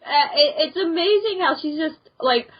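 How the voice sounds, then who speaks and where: A woman co-hosts a casual podcast with a high, very lively voice that swoops as she exclaims. She joins in with short quips. The sound is a bit dull and lo-fi. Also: normal speed. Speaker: podcast co-host. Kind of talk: casual chat.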